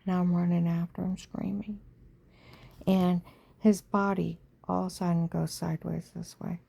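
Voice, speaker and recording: A middle-aged woman recounts her own past in a casual, emotional storytelling voice. Her tone is low, gravelly and dark. She often sinks to a hushed near-whisper and checks in with her listener with "okay?".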